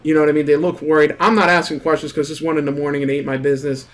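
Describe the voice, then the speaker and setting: A young man telling a story in a casual, rambling rant, animated and full of swearing and filler words. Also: fairly high pitch, racing. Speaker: gaming streamer.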